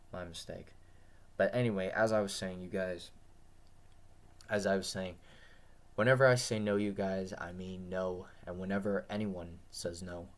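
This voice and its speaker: A tired man with a dry throat, talking to his viewers in an earnest, repetitive, rambling monologue. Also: low voice. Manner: repetitive, earnest, restarts often. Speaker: vlogger.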